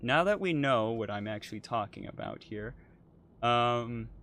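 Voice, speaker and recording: A man's voice: mid-range voice, expressive, unhurried, fairly bright tone, a little hiss or hum. A man co-hosting a casual chat while playing a game, hesitant and apologetic, with lots of ums. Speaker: podcast co-host playing a driving game.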